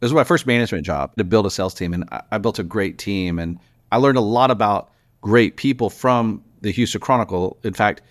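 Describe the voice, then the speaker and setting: Businessman in his forties, chatty and animated storyteller, podcast guest. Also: fairly low pitch. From Texas. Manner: animated storyteller, quick restarts. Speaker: guest, news publisher founder. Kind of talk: casual interview storytelling.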